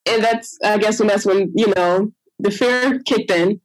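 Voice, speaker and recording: A woman casually telling a long personal story as an interview guest, animated, full of "I'm like" and "you know", acting out her own past words in a higher voice. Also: measured pace, few pauses, dry recording, poor audio.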